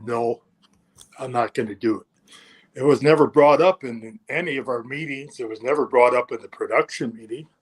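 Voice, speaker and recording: An older man with a mid-range voice appears as an interview guest, relaxedly telling an anecdote. He acts out the quotes and swears now and then.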